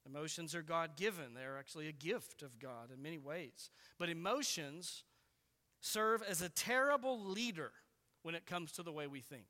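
Guy preaching, high voice, earnest, slows way down on the big words, church echo. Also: animated, pushed and bright. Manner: earnest and deliberate, with emphatic slowed key words. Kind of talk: sermon. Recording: long reverb of a large hall.

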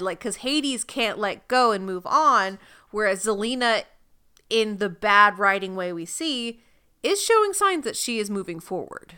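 Woman cohost, bright smooth voice, quick takes on the show. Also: medium pitch, very animated. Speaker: podcast co-host. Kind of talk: casual recap chat.

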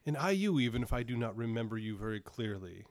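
A man's voice: mid-range voice, sing-song, fast, darkish tone, no room sound, studio quality. A man doing an imperious giant king. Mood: gracious. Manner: grand, formal, commanding speech. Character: imperious male giant monarch, once depressed. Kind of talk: tabletop role-play.

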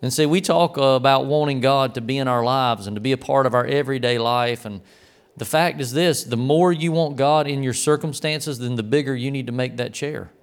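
A man talks through a devotional teaching in an earnest, reflective way, pausing to restart a phrase now and then. His voice is smooth and resonant, sitting at an ordinary middle pitch for a man.

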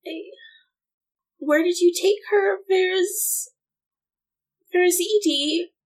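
A woman voicing a frightened young woman adventurer who pleads in a high, shaky voice. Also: unhurried, fairly bright tone, rough recording. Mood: pleading.

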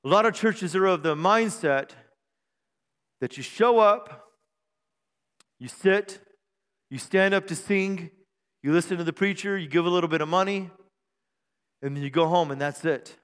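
High-voiced pastor preaching in a reverberant church. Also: male voice, unhurried, long pauses, a bit bright, smooth. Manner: humorous, conversational preaching with call-and-response. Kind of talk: sermon. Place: church sanctuary.

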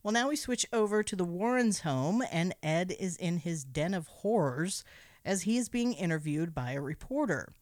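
A woman's voice: fairly low pitch, animated, moderate pace, darkish tone, dry recording, studio quality. A woman co-hosting a podcast, recapping a film in casual chat with a playful, sarcastic manner and frequent laughter.

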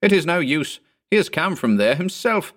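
A man's voice: mid-range voice, very animated, moderate pace, a bit bright. A man reading a ghost story, voicing a frightened, fretful stout innkeeper in a raised, wailing tone. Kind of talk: audiobook character voice.

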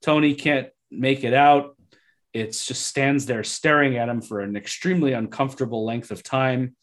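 A man's voice: medium pitch, normal speed. A man co-hosting a podcast, talking eagerly about a TV episode and often restarting his sentences. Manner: enthusiastic, restarts often when excited. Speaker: podcast co-host. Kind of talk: casual discussion of a TV episode.

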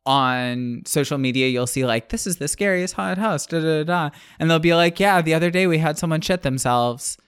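A co-host in casual chat, reacting with quick quips and swearing. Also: mid-range voice, clear, resonant tone, no echo. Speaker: podcast co-host.

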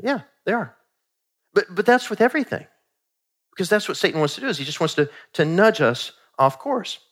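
A middle-aged man preaching a sermon in a conversational, animated way, acting out quoted asides. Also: sits high, brisk. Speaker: pastor.

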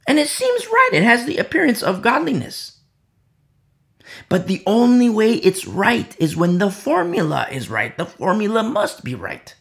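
A man preaching a Bible sermon, repeating key phrases, asking "You see?" and swinging between loud emphasis and quiet asides. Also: sits high, huge pitch swings, moderate pace, gravelly. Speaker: Bible teacher.

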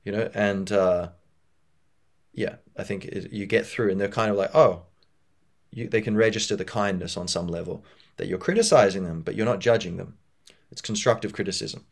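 Male podcast host, lowish voice, loose rambling solo monologue. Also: steady tone, brisk, creaky. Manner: rambling, full of fillers and restarts.

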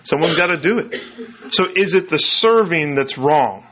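A man's voice: on the high side, animated, normal speed. A man from the United States preaching a conversational sermon, asking rhetorical questions and often restarting his sentences. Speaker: pastor. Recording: dull lo-fi sound.

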